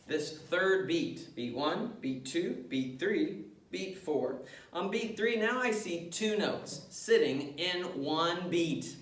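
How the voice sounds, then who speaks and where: A man's voice: a little high, roomy sound, far from the mic. A male music teacher leading an elementary class through rhythms, patient and step by step, chanting the rhythm syllables in time.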